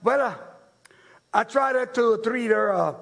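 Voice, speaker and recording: A man voicing an older Italian husband in an attempted Italian accent, delivering a joke deadpan. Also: extremely high pitch, takes it slowly, creaky, heavily acted.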